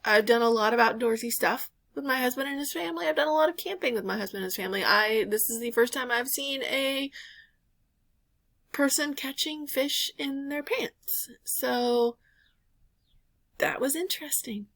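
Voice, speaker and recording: A woman's voice: high-pitched, moderate pace, gravelly, fairly bright tone. A woman in her thirties chatting casually to camera, rambling through a story with lots of filler words. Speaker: reseller vlogger.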